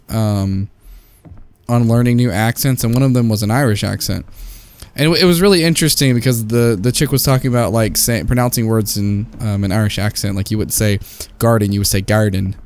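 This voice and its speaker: A man's voice: medium pitch, darkish tone. A young man giving let's-play commentary on a horror game, jokey, swearing and easily startled. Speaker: gaming YouTuber.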